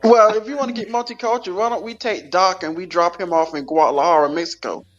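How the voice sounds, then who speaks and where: A teasing man with a notably high voice jokes at the host's expense on a casual podcast. His sound comes through dull and lo-fi. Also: fairly even intonation, a crowd in the background. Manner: teasing, laughs, quick.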